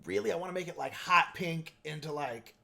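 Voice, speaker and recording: A man's voice: fairly high pitch, brisk, vocal fry, sharp tone. A man hosting a live stream, chatting casually and meandering while he explains his painting technique and answers viewers.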